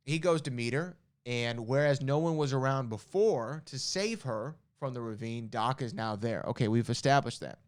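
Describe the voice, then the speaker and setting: A man's voice: mid-range voice, normal speed, hardly any pauses, clear, resonant tone, no room sound, clean studio sound. A male podcast host reading trivia questions and answers aloud, breaking off for chatty asides and correcting himself as he goes.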